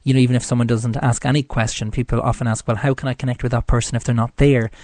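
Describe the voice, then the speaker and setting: Talking fast in a level, mid-range voice with a darkish tone, an Irish man rambles chattily through his own psychic radio show. The recording has no room sound, and his casual solo talk is packed with "you know" fillers.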